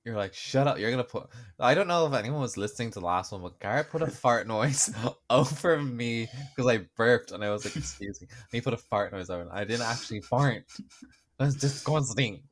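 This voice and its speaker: A man's voice: mid-range voice, expressive, a little fast. A young man co-hosting a podcast in casual, sarcastic chat. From Ireland. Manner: chatty, joking, sarcastic. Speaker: podcast co-host.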